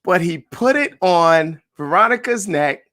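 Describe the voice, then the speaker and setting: A man who is a sales director, hosting a live coaching stream in an energetic, slangy way and calling out viewers by name. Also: measured pace, no room sound, studio quality. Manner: hyped and slangy, shouting out viewers by name, jumping to high excited pitch. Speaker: sales director leading a live call session.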